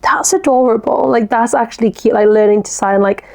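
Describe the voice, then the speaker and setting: A woman's voice: on the high side, fairly quick, gravelly, darkish tone. A young woman hosting a podcast alone, chatting casually and giggling as she reacts to listener messages. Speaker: podcast host. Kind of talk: casual solo podcast chat.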